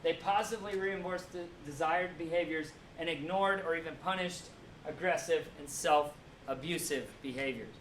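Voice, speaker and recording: A man's voice: a little high, moderate pace, fairly bright tone. Man lecturing in an echoey classroom. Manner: keeps checking in with listeners by asking "right?". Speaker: teacher. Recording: echoey room, mic far off, faint noise.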